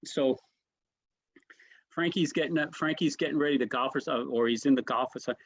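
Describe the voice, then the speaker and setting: Speaking a little fast in a mid-range voice, this comedian guest shares anecdotes in a relaxed interview, frequently starting sentences over and adding "right?" asides as an animated storyteller. The recording is muffled, with no echo.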